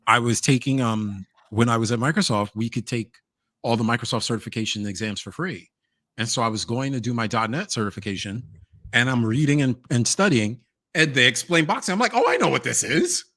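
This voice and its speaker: A man hosting a casual chat, animated and telling stories with plenty of laughter. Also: medium pitch, fairly quick, dry recording, studio quality. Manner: animated, laughs a lot, storytelling. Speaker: host.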